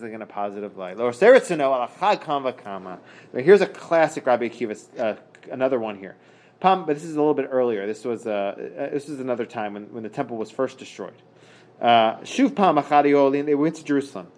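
A man teaching a Talmud page in a casual lesson. He reads Hebrew and Aramaic passages aloud, translates them, and talks haltingly, with many fillers and restarts. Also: mid-range voice, animated, darkish tone. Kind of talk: casual daf study lesson.

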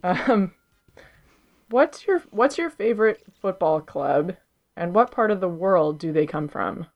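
A woman co-hosting a casual comedy podcast, asking questions and playing along in a deadpan way. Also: lowish voice, a little slow, dull audio. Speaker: podcast co-host.

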